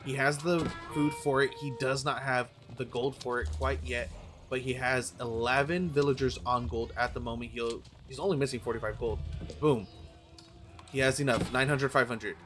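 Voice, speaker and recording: A man casting a strategy game match, opinionated, quick to correct himself, and his voice is going hoarse. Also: mid-range voice, steady tone, over music. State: losing his voice. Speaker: game caster. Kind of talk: play-by-play strategy game commentary.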